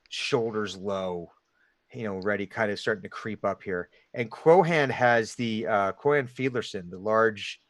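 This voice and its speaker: A man's voice: lowish voice, no room sound. A man running a tabletop game as dungeon master, with a Delaware Valley accent, rambling with frequent restarts and laughs.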